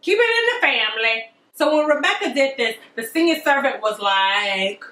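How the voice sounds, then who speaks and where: Lively woman comic storyteller, slangy and playful, bright tone, echoey room. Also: fairly high pitch, moderate pace, few pauses. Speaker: comedic storyteller. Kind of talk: comedic retelling. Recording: roomy echo.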